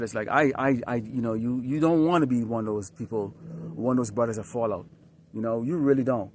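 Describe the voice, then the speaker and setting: A man's voice: mid-range voice, a little fast, a little mellow. A man preaching an outdoor sermon, emphatic and repetitive, often checking in with the listeners with short questions. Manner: emphatic, repetitive, peppered with "Huh?" and "All right?". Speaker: street preacher. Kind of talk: outdoor sermon with scripture reading. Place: outdoors, dusty and slightly windy.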